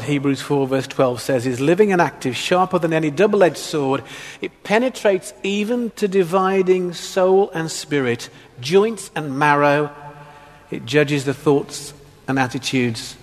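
A man's voice: a little high, unhurried, long reverb tail. A man preaching a sermon, mixing scripture with humorous childhood stories. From England, Black Country.

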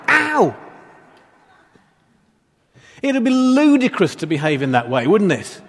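A man preaching a sermon in a conversational, playful way, with asides and jokes to the congregation. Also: sits high. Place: church hall. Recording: long reverb of a church hall.

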